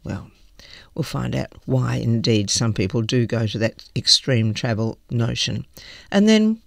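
A woman's voice: extremely low pitch, lively intonation, measured pace, creaky, no echo, clean studio sound. A woman hosting a talk show, chattily introducing the coming segments with some hesitant restarts. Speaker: radio show host.

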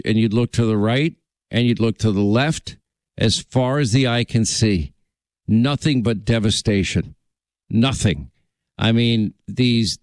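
A man's voice: mid-range voice, clear, resonant tone, dry recording. A man hosting a call-in radio talk show, chatting with callers in a friendly, rambling way.

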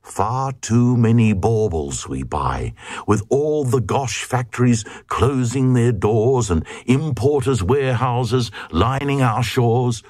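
A man's voice: mid-range voice, expressive, slow pace, a little mellow, no echo. A man voicing a wary townsman grumbling about too much buying in a storybook reading. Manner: grumbling, warning.

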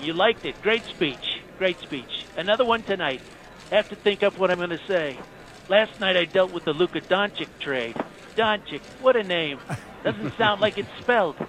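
A man's voice: high voice, rough recording. A man doing a boastful rambling president. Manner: rambling, self-praising, repetitive. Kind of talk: comedy sketch impression.

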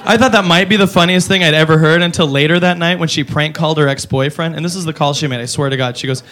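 A man's voice: fairly high pitch, fast, few pauses, a bit bright. A man doing a stand-up comedy set on a club stage, profane and mock-outraged. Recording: live club recording with crowd noise.

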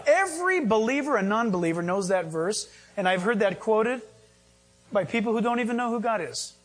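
A man pastor preaching a sermon to a live congregation in a conversational style, jumping into sudden high emphatic bursts. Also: lively intonation, moderate pace, fairly bright tone. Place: church with live audience.

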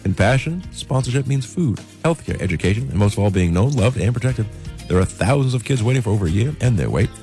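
A man reading a radio traffic report in a brisk, steady way. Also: fairly low pitch, faint music behind. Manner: brisk, even read of road conditions.

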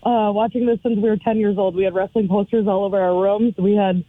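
A woman calling in to a radio show, excited and chatty. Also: mid-range voice, a little fast, dry recording. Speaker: caller. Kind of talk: phone-in chat. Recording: phone line.

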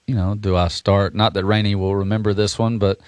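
A man talking casually as a guest musician on a radio show, relaxed and rambling with restarts. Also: lowish voice, a little fast, no room sound, studio quality.

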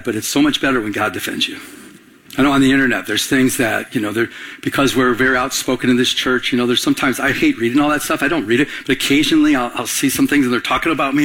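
A middle-aged man preaching from the pulpit with a somewhat husky, slightly high voice. He tells stories in the middle of the sermon and jumps up in pitch to act out what people said. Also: a bit bright. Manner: storytelling, acting out quoted voices with rising pitch. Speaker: pastor.

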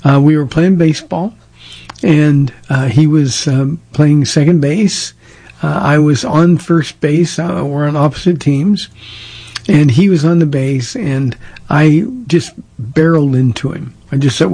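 His voice is a little high, warm and husky, and he talks a little slowly. The Southern California pastor responds to listeners' questions directly and plainly in a casual call-in advice setting, telling stories from his life.

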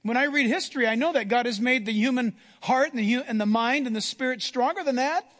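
A man preaching a sermon, telling Bible stories with animated delivery and acting out the characters' voices. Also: very high voice, quick pace. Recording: long hall reverb.

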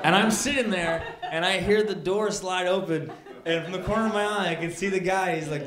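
A man doing stand-up comedy, telling a story and shouting his punchlines. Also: high-pitched, fairly quick. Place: comedy club with live audience. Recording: echoey club, crowd laughing.

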